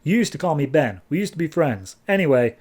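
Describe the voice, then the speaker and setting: A man's voice: on the high side, big pitch swings, brisk, a little mellow, breathy edge. A man voicing a friendly male anthropomorphic tiger who talks casually. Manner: casual, familiar.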